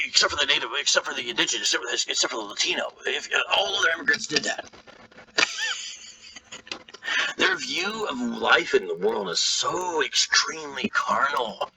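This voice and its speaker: A man giving live reaction commentary on a video as a streamer, animated and quick to laugh, with preachy asides. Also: on the high side, distant mic, a little hiss or hum, poor audio.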